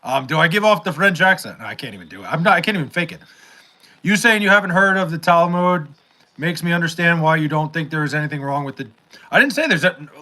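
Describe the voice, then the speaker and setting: A man's voice: on the high side, sharp tone. A young man hosting a casual livestream, reading chat and rambling with profanity, fillers and restarts.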